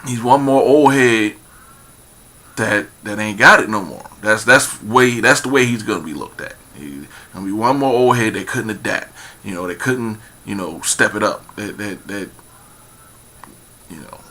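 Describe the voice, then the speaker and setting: A man's voice: lowish voice, normal speed, bright, forceful tone. A man giving a rambling casual commentary, full of fillers and repeated phrases, turning emphatic as he goes. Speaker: vlogger.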